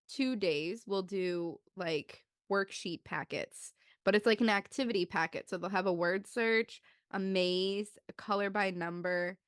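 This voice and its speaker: A young woman in her twenties tells a story on a podcast in a loose, chatty way. Her voice is smooth and clear, in a mid range, and the sound is close and dry. She jumps way up in pitch when she acts out the children's lines. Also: dry recording. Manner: loose, chatty telling with many "like"s. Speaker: podcast co-host. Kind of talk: casual storytelling chat.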